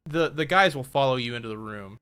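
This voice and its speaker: A man's voice: medium pitch, animated, a little fast, fairly bright tone, clear, resonant tone, soft background music. A man chatting casually while gaming on a stream, talkative and laughing often.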